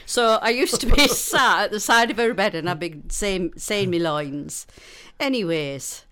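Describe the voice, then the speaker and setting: A woman's voice: mid-range voice, animated, a little slow, fairly bright tone, clear, resonant tone. A woman, a stage actress chatting in an interview, rambling and laughing often. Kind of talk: casual interview chat.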